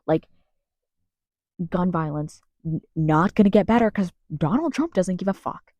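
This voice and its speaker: Speaking a little slowly with long pauses, a young American woman delivers an angry, profanity-filled vlog rant from her closet, rambling and restarting often. Her fairly low, mellow voice has lively intonation, and there's no room sound.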